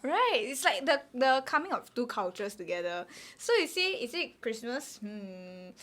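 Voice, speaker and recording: Lively teasing woman podcast host. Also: on the high side. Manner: animated and teasing, quick exclamations. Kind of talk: casual chat.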